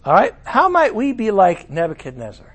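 A middle-aged man delivering a sermon with a fairly high voice. He preaches in an animated way, slipping into the voices of the figures he quotes. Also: moderate pace.

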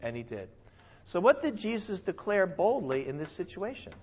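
Male Bible teacher, high voice, animated with sudden exclamations and self-corrections, dull lo-fi recording. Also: normal speed, breathy edge.

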